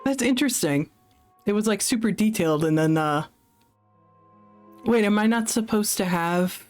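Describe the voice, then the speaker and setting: A woman's voice: mid-range voice, expressive, moderate pace, pauses often, a little mellow, faint music behind. A woman streaming a solo tabletop game, chatting casually and thinking aloud with lots of fillers. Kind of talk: casual live-stream chat.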